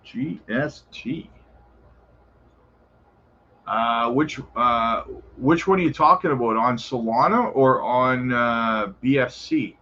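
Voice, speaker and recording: A man's voice: mid-range voice, slow pace, long pauses, sharp tone, highs cut off, slight background noise. A man hosting a casual crypto livestream, answering viewer questions in a laid-back, chummy way and calling viewers brother. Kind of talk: casual live chat reading viewer questions.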